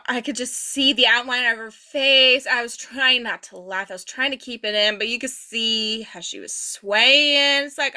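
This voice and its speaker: A woman voicing a signed personal anecdote as an interpreter, casual and animated, chuckling often. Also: fairly high pitch. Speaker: sign language voice interpreter.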